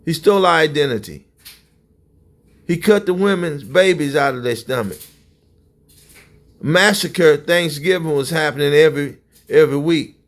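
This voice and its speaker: A man preaching fiery religious commentary in a confrontational way, often breaking into shouts. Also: fairly high pitch, normal speed, long pauses.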